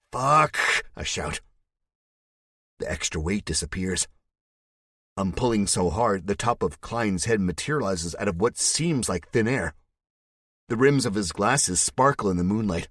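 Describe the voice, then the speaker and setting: A man's voice: low voice, no room sound. A man narrating an audiobook in the first person, telling it in a gritty, tense way on a close studio mic.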